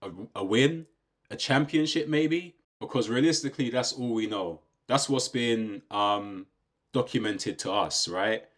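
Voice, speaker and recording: A man's voice: mid-range voice, measured pace. A British man giving a casual, opinionated rant, asking rhetorical questions and often checking in with his listener. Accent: British English. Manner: conversational, rhetorical questions, says "do you know what I mean" often. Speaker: YouTube commentator.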